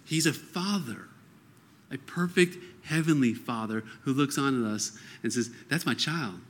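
Male preacher, mid-pitched, earnest conversational sermon style with animated quoted lines. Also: unhurried. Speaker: pastor.

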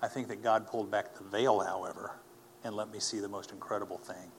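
Earnest man giving a halting testimony. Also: fairly low pitch, steady tone, vocal fry, a little hiss or hum. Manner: earnest, halting, with many fillers and restarts. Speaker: speaker telling his testimony. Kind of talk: personal testimony talk.

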